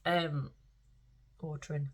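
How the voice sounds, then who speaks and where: A middle-aged woman speaks to camera in a casual, rambling vlog. She sounds emotional and close to tears, yet talks openly and swears freely. Her voice sits a little low. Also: fairly even intonation, slow, slightly rough. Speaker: spiritual vlogger.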